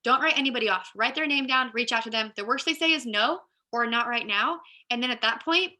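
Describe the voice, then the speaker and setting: A woman's voice: a little high, a little fast, bright, forceful tone. A woman giving a casual training talk to her team, chatty and direct, often saying "like" and "you guys". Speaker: team leader.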